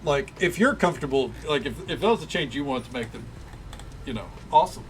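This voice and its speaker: Gravelly man with a light Tennessee drawl. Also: mid-range voice, animated, brisk, a little hiss or hum. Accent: light Tennessee Southern drawl. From Tennessee, USA. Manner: rambling, filler-heavy, easygoing. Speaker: streamer. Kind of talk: casual chat with viewers while gaming.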